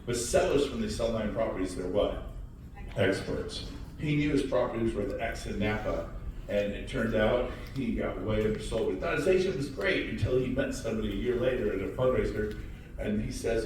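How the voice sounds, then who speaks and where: A man giving a high-energy motivational talk about real estate to a live audience, shouting and teasing the crowd. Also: moderate pace, a little hiss or hum. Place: large hall with audience. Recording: echoey hall, mic far off.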